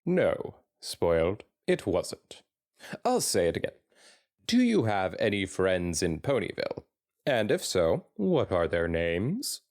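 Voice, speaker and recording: A man's voice: low voice, wildly swooping pitch, slow, darkish tone, dry recording, exaggerated voice. A man voicing a wealthy middle-aged stallion pony in a dramatic fanfiction reading, blunt and dryly sarcastic. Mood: stern. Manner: dry and sarcastic. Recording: dry close sound.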